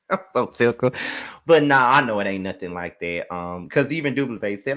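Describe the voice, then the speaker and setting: A man hosting a casual reality show recap, ranting in an animated, profane and sassy way. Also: medium pitch, normal speed, long pauses. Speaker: host.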